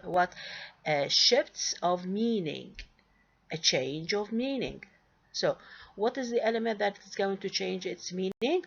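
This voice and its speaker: A woman's voice: on the low side, breathy edge, dull audio. A woman teaching an English grammar lesson, often asking a question and answering it herself, with frequent fillers. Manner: asks and answers her own questions, with many fillers.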